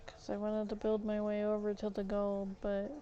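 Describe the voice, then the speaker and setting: Lady gamer ranting on a livestream, warm low-key voice, kinda dull lo-fi audio. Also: monotone, moderate pace. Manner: frustrated, ranting while she plays. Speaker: streamer. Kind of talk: casual gaming livestream chat.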